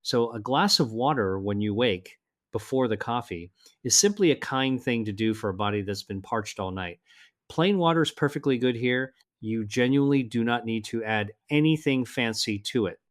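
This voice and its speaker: A measured older man with a voice of middling pitch, narrating health advice in a calm, scripted way. He speaks earnestly and slows down to lean on key words, as if talking to listeners his own age. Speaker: health presenter.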